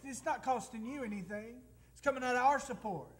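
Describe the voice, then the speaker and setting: A man's voice: very high-pitched, fairly quick, a bit bright. A man who is a missionary pastor, preaching an emotional testimony and calling out to the congregation for amens. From United States. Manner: emotional, tearful at times, calls out for amens. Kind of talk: sermon testimony.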